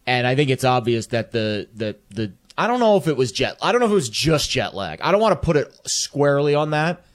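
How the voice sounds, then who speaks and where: A man co-hosting a sports talk show, rambling and joking while he hunts for words. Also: medium pitch.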